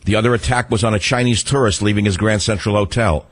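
A man's voice: on the low side, quick pace, dry recording. A man hosting a political talk radio show, delivering a combative, sarcastic monologue.

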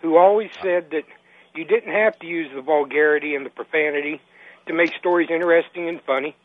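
A man's voice: a little high, fairly quick, no echo. A man in his fifties from West Virginia calling into a radio show, hesitant and stammering. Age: 50s. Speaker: caller. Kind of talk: call-in chat. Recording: tinny phone line on radio.

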